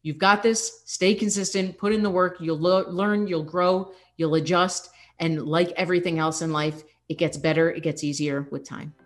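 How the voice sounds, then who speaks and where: A woman's voice: on the low side, fairly even intonation, moderate pace, hardly any pauses. A young adult woman fitness coach hosting a podcast, talking candidly and encouragingly, with laughs slipping in. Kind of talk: casual motivational podcast talk.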